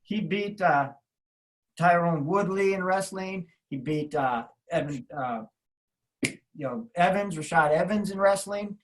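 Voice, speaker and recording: A man's voice: high-pitched, unhurried, noisy background. A man in his fifties, a martial arts coach on a podcast, telling rambling anecdotes with restarts and acting out other people's lines. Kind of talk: casual storytelling.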